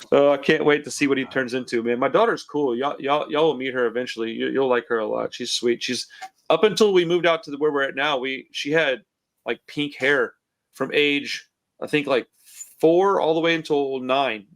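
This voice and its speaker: A man's voice: medium pitch, moderate pace. A man in his forties hosting a podcast, chatting in a laid-back, rambling, profane way over a computer call. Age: 40s. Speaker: podcast host. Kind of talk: casual podcast chat. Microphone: computer call mic.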